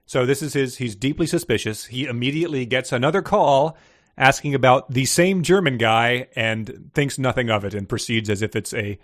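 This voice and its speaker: A man's voice: mid-range voice, moderate pace. Mid-voiced guy on a podcast going over a chapter, chatty, jokey asides. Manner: chatty, recaps a book with asides and playful voices. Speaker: podcast co-host. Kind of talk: casual chat.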